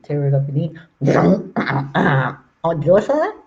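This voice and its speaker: Woman hosting a relaxed chat, slow and mellow; easygoing host note. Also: sits low. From Tasmania, Australia. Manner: laughs easily, relaxed. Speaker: livestream host. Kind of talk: casual chat. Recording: dull lo-fi with faint noise.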